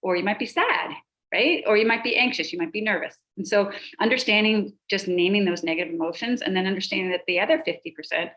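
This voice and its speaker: On a podcast, a middle-aged pediatrician and life coach explains emotions, listing examples in a steady rhythm. She speaks fast at a medium pitch, and the recording quality is low.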